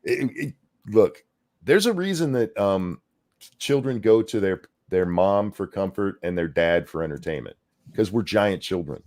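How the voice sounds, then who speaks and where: A man's voice: low-pitched, animated, unhurried, darkish tone. A middle-aged man co-hosting a live political reaction stream, talking in a loose, jokey, often profane way. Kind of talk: casual live reaction chat.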